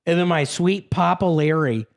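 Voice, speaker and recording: High-voiced man telling a rambling story. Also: normal speed, gravelly. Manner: rambling storyteller, swears freely. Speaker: podcast co-host. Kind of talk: casual chat.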